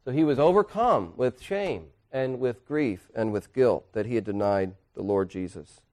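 A man pastor preaching a sermon in church, earnestly, dropping to quiet asides and rising to emphatic points. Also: mid-range voice, expressive, normal speed. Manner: earnest preaching, swinging between hushed and emphatic.

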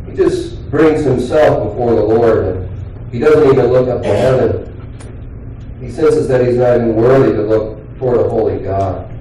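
A man's voice: mid-range voice, mellow, a little hiss or hum. Man preaching in a very echoey church. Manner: earnest, conversational preaching with pauses and restarts. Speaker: pastor. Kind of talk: sermon. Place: church sanctuary. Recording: very echoey hall, voice from far off.

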